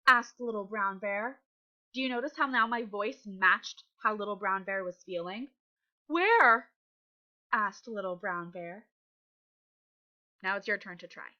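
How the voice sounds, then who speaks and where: A woman's voice: mid-range voice, steady tone, normal speed, bright, forceful tone, dull audio. A woman teaching young children to read, patient and encouraging as she sounds out letters. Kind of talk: reading lesson for young children.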